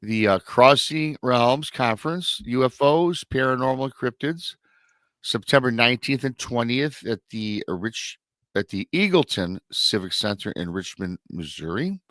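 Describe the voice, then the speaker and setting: A man's voice: mid-range voice, expressive, unhurried, fairly bright tone, no echo, clean studio sound. A man from Michigan hosting a live talk show, chatty and prone to restarts. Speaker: show host. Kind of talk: casual live-show chat.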